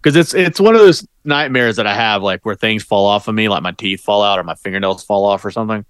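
Low-voiced man in loose podcast chat. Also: fast, clean tone, no echo, studio quality. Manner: relaxed, loose chatter with many fillers. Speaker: podcast co-host. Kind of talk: casual movie review chat.

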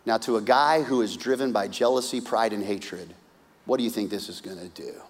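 A man preaching a sermon, retelling a story with lively, humorous asides and acted-out voices. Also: fairly quick. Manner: animated storytelling, acting out characters with big pitch swings. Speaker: pastor. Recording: hall reverb.

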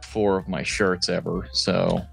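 Middle-aged guy rambling on a podcast, gravelly low voice, laughs at himself. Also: flat delivery, unhurried, faint music behind. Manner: rambling, self-deprecating storytelling. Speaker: podcast co-host. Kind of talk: casual chat.

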